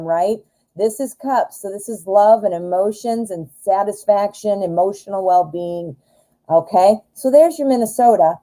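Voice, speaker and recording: Excitable woman giving tarot readings. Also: mid-range voice, normal speed, low-quality recording. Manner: excitable and giggly, often gushing. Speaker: tarot reader and live-stream host. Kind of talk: chatty live tarot reading.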